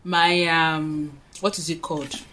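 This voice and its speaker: A woman's voice: sits low, little pitch movement, takes it slowly, background noise. Woman, twenties, vlogger recounting a story in her room while doing makeup, dramatic and chatty. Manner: chatty, dramatic storytelling with frequent asides to viewers. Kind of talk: casual storytime. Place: her own room, indoors.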